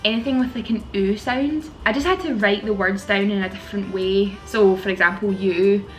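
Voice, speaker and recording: A woman with a Glasgow Scottish accent talks casually to camera in a vlog, chatty and prone to giggling. Her voice sits at an ordinary middle pitch. A faint bed of music runs underneath. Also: steady tone, normal speed, poor audio. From Scotland. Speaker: vlogger.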